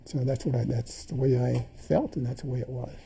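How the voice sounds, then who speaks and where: A man's voice: medium pitch, steady tone, a little fast, vocal fry, mellow, slight background noise. An older man in an interview, telling memories as stories and acting out the dialogue he recalls. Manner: anecdotal, acts out remembered dialogue. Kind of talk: reminiscing interview storytelling.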